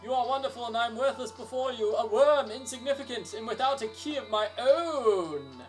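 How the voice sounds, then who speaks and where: A man's voice: high voice, fairly quick, a bit bright, faint music behind. A man voicing a naive, dramatic young mermaid woman, speaking in a raised, theatrical, fawning voice. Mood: grovelling.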